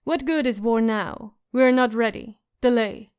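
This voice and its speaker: A woman's voice: a little high, normal speed, a little mellow, clean tone, lightly acted. A woman reading an audiobook, voicing a fat foreign merchant with a liquid accent and a coaxing manner. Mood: urging.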